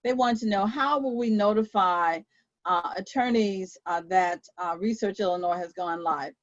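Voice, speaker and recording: A woman's voice: mid-range voice, moderate pace, no echo, lo-fi sound. A woman court clerk moderating a webinar, reading out questions and answering them with frequent ums and uhs. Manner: reads out questions, then answers with many fillers. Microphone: video call.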